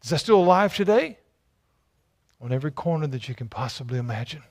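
A man's voice: on the high side, very animated, fast talker. A male pastor preaching a sermon, emphatic and repetitive, with rhetorical questions and stammered restarts.

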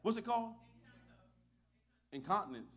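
Middle-aged male pastor, very high voice, slangy folksy sermon, shouts and laughs. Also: very animated, moderate pace. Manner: swings from shouting to low storytelling, laughs often; casual, folksy preaching with street slang.

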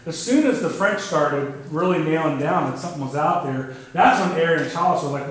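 A man's voice: fairly high pitch, fairly quick. A man giving a casual astronomy lecture to a club audience, talking through his slides with lots of fillers. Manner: conversational, many fillers, says "kinda neat". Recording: very echoey room, faint background noise.

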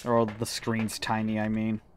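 A man's voice: fairly low pitch, monotone, a little slow, slight background noise. A man playing a ghost-hunting video game alone, grumbling and swearing to himself as he plays. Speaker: let's-play gamer. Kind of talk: solo gameplay commentary.

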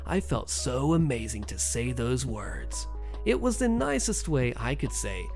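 A narrator telling a first-person workplace revenge story in a sardonic, animated way. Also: medium pitch, unhurried, soft background music.

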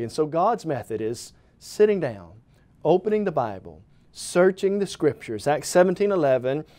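A man's voice: fairly high pitch, warm tone. A man preaching a televised gospel sermon, speaking earnestly and directly to the viewer as "friend", building emphatic repeated phrases. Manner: emphatic repeated phrases, occasional stumbles on words.

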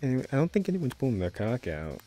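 Young guy in vr chat, goofy and crude, giggles a ton, mellow voice jumping all over, faint music behind. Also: medium pitch, wildly swooping pitch, fast talker. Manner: giggly, joking, crude banter. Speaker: VR chat streamer. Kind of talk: casual crude gaming chat.

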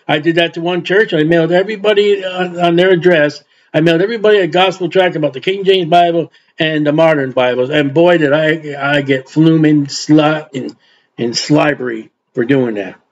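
A man's voice: on the high side, normal speed. An older man preaching an informal Bible sermon in a folksy way, acting out quotes and adding asides. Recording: dull lo-fi recording.

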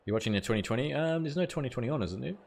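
A man's voice: mid-range voice, lively intonation, very fast, creaky, darkish tone. A man streaming a cricket video game live, chatting casually with viewers and swearing now and then. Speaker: gaming streamer.

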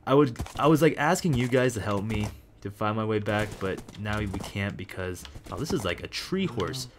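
A young man casually commenting on his own gameplay as a video host, rambling and excitable with lots of jokes. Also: lowish voice, normal speed, background noise. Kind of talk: casual let's-play commentary.

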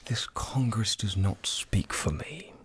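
A man's voice: on the low side, big pitch swings, takes it slowly, a bit bright, full character voice. A man voicing a pompous loyalist clergyman in an Australian accent, as whispered role-play. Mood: scolding. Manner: lecturing, preachy.

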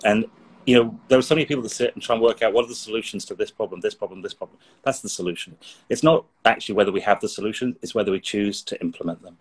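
Earnest, low-voiced man in an interview. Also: rapid-fire, breathy edge. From England. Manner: earnest, reflective, repeats words when searching. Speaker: guest. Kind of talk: interview conversation.

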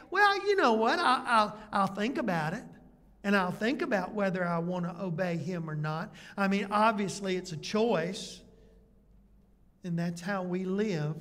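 A man preaching a sermon as pastor in a conversational way, full of rhetorical questions. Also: high voice. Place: church sanctuary. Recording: church hall reverb.

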